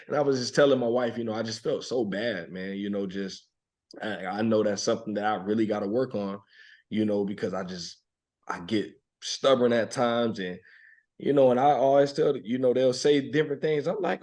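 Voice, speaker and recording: A man in his thirties, a podcast guest, telling a personal story in a reflective, emotional, soft-spoken way, laughing now and then. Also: fairly low pitch, normal speed. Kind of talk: heartfelt conversational storytelling.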